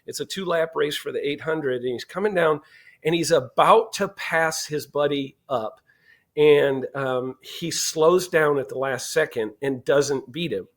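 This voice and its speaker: A middle-aged man telling a family story as a podcast guest, animated and acting out the dialogue. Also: fairly high pitch, measured pace. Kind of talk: storytelling in casual interview.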